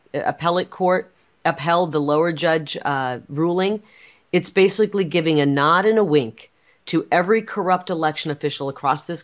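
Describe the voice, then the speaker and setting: A woman with a very low, deep voice speaks as an interview guest, defiant and insistent. She drives her points home with repetition. The audio is a little dull and muffled. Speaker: political guest. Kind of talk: emphatic interview talk.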